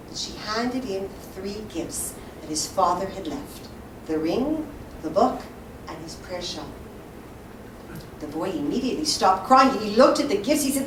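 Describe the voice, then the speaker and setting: A woman storyteller telling a folk tale live with expressive, lively delivery, recorded in a hall. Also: medium pitch, moderate pace. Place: synagogue hall. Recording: roomy, distant live mic, faint hiss.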